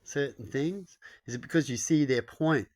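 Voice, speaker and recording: A man's voice: mid-range voice, normal speed, a little mellow. A man thinking aloud in a casual monologue, tossing out rhetorical questions and checking in with "right?". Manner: rhetorical, keeps asking "right?".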